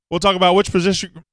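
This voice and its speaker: A man's voice: sits high, a bit bright, no room sound. A man hosting a casual live sports talk show, rambling and self-deprecating as he greets viewers by name.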